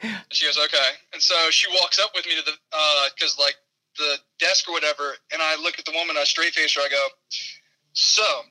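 A man's voice: fairly high pitch, fairly even intonation, fairly quick, sharp tone, poor audio. A man calling in to a radio show, telling a story in a laid-back, profane way. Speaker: caller. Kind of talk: casual phone-in chat.

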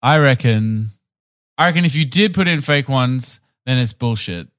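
A man's voice: mid-range voice, lively intonation, normal speed, fairly bright tone. Tired, hungover man chatting on a podcast. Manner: tired, reacts with exclamations. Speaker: podcast co-host. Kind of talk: casual chat.

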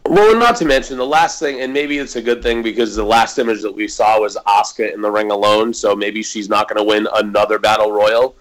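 A man's voice: fairly low pitch, steady tone, a little fast, few pauses, rough recording. A man co-hosting a casual wrestling podcast, with a laid-back delivery and dry, sarcastic humor. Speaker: podcast co-host.

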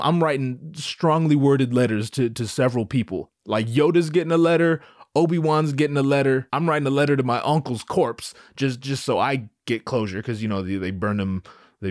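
Man, comedic rant, rambling and profane, slangy, mid pitch, dry close sound. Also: no echo.

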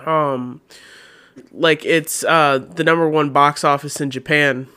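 A man's voice: fairly high pitch, fairly even intonation, slow, pushed and bright, smooth. A man co-hosting a casual podcast while a little under the weather, rambling with lots of "you know what I mean" and "like". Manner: rambling, filler-heavy. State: a little sick, coughing. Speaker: podcast co-host. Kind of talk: casual chat.

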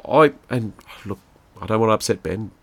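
A man's voice: fairly low pitch, steady tone, fairly quick, vocal fry, husky, dry recording. A middle-aged Australian man, co-hosting a podcast, chatting casually and rambling through stories with his son. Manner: rambling, chatty storyteller with laughs. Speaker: podcast co-host and father. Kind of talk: casual chat.

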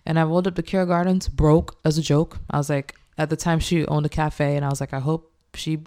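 A young woman chef, animated and laughing often as she acts out quoted speech in a casual interview. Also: low voice, brisk. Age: young adult.

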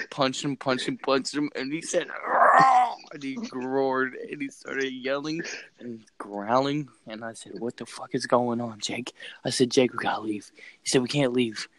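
A young man excitedly telling a scary story in a casual chat, swearing and repeating himself. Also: mid-range voice, a little slow, slight background noise, rough recording. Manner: excited, profane, repeats phrases.

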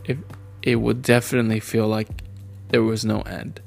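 A man in his twenties, crying as he speaks earnestly to his younger self, with long pauses. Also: lowish voice, flat delivery, gravelly, a little mellow, soft background music. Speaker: vlogger.

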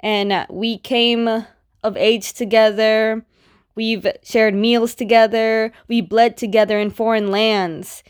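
A woman's voice: on the high side, little pitch movement, slow, clean tone. A woman quoting a fiery rebel leader. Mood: heated.

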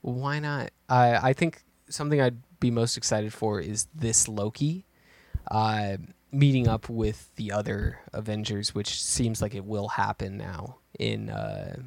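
Gravelly man musing aloud. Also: on the low side, unhurried, a little mellow, dry recording. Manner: rambling, thinking aloud with restarts. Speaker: podcast co-host. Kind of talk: casual chat.

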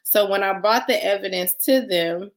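A woman's voice: mid-range voice, normal speed. A woman in her thirties co-hosting a casual chat, blunt and profane, laughing often. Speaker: podcast co-host. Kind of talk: casual chat, reading listener stories.

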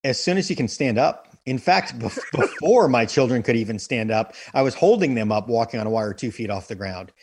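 Husky-voiced man telling stories earnestly. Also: medium pitch, a little fast, hardly any pauses, no echo. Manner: earnest, animated storytelling. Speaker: guest, professional wire walker. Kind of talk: casual interview conversation.

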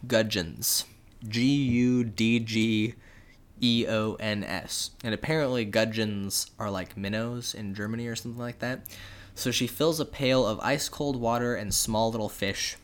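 A young man casually retelling a fairy tale as a podcast co-host, with relaxed, jokey asides and frequent fillers. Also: medium pitch, unhurried, smooth.

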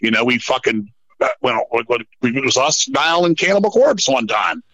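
A man from Virginia who fronts a metal band, telling road stories as a podcast guest in a rambling, profane, animated way. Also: mid-range voice, normal speed, creaky, dry recording, dull audio. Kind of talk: casual storytelling chat.

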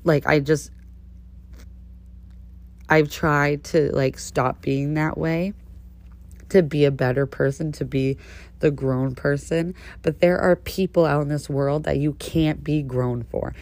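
A woman in her thirties hosting a podcast, telling a story in a sassy, petty and animated way. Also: low-pitched, slow pace. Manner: sassy, petty, animated storyteller who calls listeners honey. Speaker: podcast host. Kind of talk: casual storytelling monologue.

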